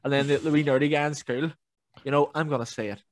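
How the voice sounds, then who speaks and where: A man's voice: on the high side, quick pace, no room sound. A young man, chatting casually on a podcast and swearing freely. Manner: animated, swearing, mimics viral clips. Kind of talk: casual chat.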